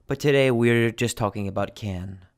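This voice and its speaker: A man with an American accent, teaching English pronunciation slowly and repeating each example. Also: mid-range voice. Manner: slow, deliberate, repeats examples. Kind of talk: pronunciation lesson.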